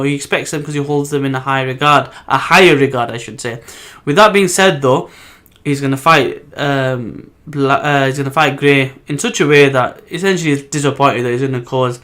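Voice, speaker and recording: A man's voice: mid-range voice, fairly quick, fairly bright tone. Rambling man reviewing comics. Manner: rambling, many ums and restarts. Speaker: manga reviewer host. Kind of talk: casual solo video review.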